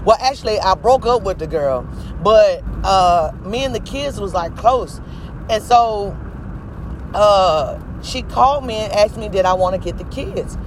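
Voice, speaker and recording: A man's voice: sits high, animated, a little slow, noisy background. A man in his twenties telling a personal story in a casual vlog, emphatic, preachy and full of profanity. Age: 20s. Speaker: vlogger. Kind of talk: casual testimony monologue.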